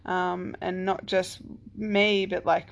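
Creaky-voiced woman telling a rambling story. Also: on the low side, flat delivery, takes it slowly, lo-fi sound. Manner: rambling, full of "like" and "um", swears freely. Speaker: single parent telling a personal story. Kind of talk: casual personal storytelling.

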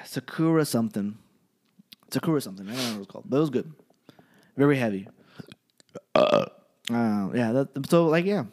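A man's voice: mid-range voice, normal speed, pauses often. A man from California telling a story in casual chat, swearing constantly and laughing as he goes. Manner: profane, animated, laughing through his story.

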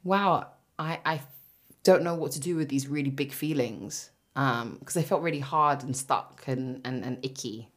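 A young woman co-hosting a podcast, telling an animated story in casual chat and swearing freely. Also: very deep voice, moderate pace. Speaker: podcast co-host.

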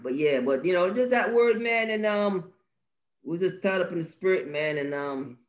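Guy on a faith podcast, kinda high voice, repeats stuff, laughs a lot, gets preachy. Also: moderate pace. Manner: animated, repeats phrases, laughs often, preachy emphasis. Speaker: podcast co-host. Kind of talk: casual religious podcast talk.

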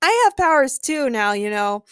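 A woman's voice: on the high side, big pitch swings, measured pace, dry recording, studio quality. A woman voicing a feisty, fed-up woman hero in a storybook reading, irritable and snappy. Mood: irritated.

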